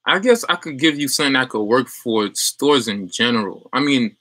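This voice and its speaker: Young male business coach on a live stream, bright dry voice, rambling casual delivery. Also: medium pitch, lively intonation, normal speed, no echo. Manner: loose and chatty, many fillers and restarts. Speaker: online business coach on a livestream. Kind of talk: casual livestream chat reading viewer comments.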